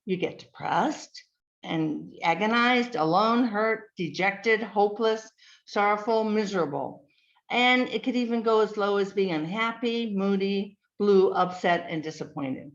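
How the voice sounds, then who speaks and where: A woman giving a slide presentation, speaking in a measured way, listing words with frequent ums. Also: mid-range voice. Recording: dull lo-fi recording.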